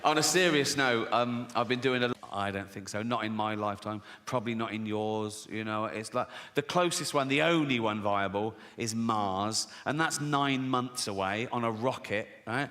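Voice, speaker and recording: A man's voice: on the low side, moderate pace, few pauses, fairly bright tone. A middle-aged man doing a stand-up comedy set, sardonic and sweary, laughing at his own jokes. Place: large theatre stage. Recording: live hall reverb, faint noise.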